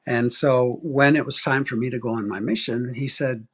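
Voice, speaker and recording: A man in his sixties from Arizona, a guest author telling a personal story in a casual interview, animated and acting out quoted voices. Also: moderate pace, breathy edge. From Arizona, USA. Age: 60s. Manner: animated storyteller, acts out quoted voices with big pitch jumps.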